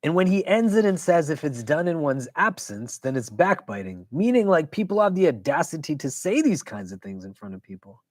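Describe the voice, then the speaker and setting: With a slightly high voice and no room sound in the recording, a man who is an imam teaches his weekly religious class. He keeps checking in with "do you know?" and spins lively stories full of quick asides.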